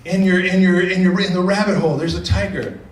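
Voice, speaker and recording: A man's voice: a little high, unhurried, voice pushed up, close to an everyday voice. A man doing an amazed, nosy monkey. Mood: astonished. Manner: astonished exclaiming. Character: nosy, startled male monkey in a tree. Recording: echoey room, speaker far from mic.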